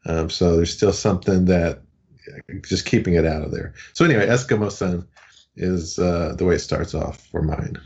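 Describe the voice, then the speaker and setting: A man's voice: low voice, normal speed, gravelly, darkish tone, highs cut off. A man co-hosting a podcast in a casual chat, talking in a rambling, hesitant way. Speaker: podcast co-host.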